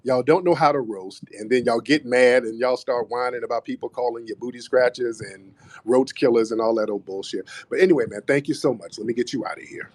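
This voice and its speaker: A man's voice: medium pitch, brisk. A man hosting a live audio chat room, confronting callers in a mocking, combative way. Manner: confrontational, mocking, repeats "brother". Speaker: host.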